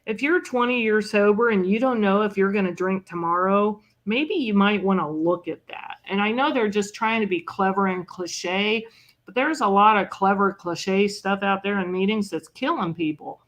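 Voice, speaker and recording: An older woman, a guest on a recovery podcast, telling personal stories in a chatty, self-mocking way. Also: mid-range voice. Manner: chatty and self-mocking, with frequent "you know" and quick laughs. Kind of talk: conversational storytelling.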